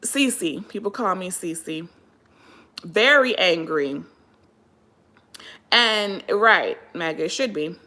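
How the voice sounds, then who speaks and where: Woman, from Pennsylvania, livestream host, casual commentary, exasperated, bright tone. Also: fairly low pitch, slow, long pauses. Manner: animated, exasperated, greets viewers mid-rant.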